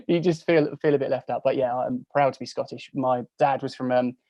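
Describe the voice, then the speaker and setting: A man's voice: medium pitch, unhurried, a little mellow, no room sound. A man in his forties from England, chatting as a podcast guest on a video call, telling stories in a chatty, self-mocking way. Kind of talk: casual chat.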